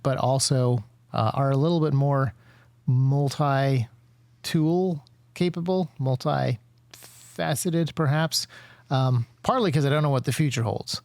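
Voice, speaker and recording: A male podcast host with a gravelly, creaky voice and a mid-range pitch. He rambles loosely, piling up fillers and restarting his sentences. The sound is close and dry, with no room echo. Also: a little mellow. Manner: rambling, many fillers and self-corrections. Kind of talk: casual interview chat.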